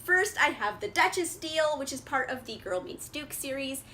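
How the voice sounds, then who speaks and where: A young woman book vlogger chats casually about books she picked up, bubbly and full of fillers and laughs. Her high-pitched voice is expressive and sharp at a normal speed, recorded indoors on a camera mic with slight background noise.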